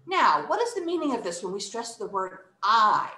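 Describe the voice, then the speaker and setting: A woman's voice: on the high side, big pitch swings, normal speed, few pauses, bright, forceful tone, roomy sound. A woman teaching an English workshop, speaking expressively and acting out emotions and word stress. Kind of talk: online English lesson for children.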